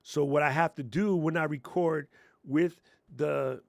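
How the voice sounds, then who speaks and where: Male streamer, slightly high voice, dry close sound, sarcastic rant, casual tips. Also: fairly even intonation, unhurried, vocal fry, no room sound. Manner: ranting, sarcastic, jokey, puts on mocking voices; laid-back and muttering while working the computer. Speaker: content creator giving tech tips. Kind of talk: casual livestream tutorial. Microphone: lapel mic on chest.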